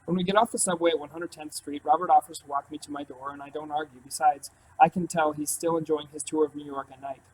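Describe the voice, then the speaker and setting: A man narrating an audiobook in the first person, calm and steady. His voice is a little higher than most men's, and faint room ambience sits behind him. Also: fast, hardly any pauses, slight background noise, low-quality recording. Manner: calm, even storytelling.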